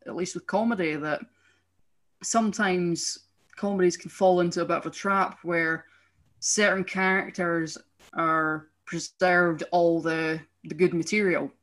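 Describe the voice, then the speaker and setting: A young adult with a Scottish accent talks in a loose, animated podcast chat. The speech is mid-pitched and rambles with frequent restarts. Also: unhurried. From Scotland. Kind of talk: casual chat.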